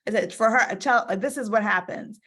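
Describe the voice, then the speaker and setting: A woman's voice: a little high, fairly quick. A woman co-hosting a casual livestream chat, teasing her co-host and acting out the voices in her stories. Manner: teasing, animated storyteller, acts out quotes.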